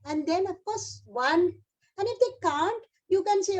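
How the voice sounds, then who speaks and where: A woman's voice: very high voice, lively intonation, unhurried, low-quality recording. A woman with an Indian English accent giving a motivational keynote to teachers, encouraging them as if speaking to her own class. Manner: encouraging, addresses audience like a class.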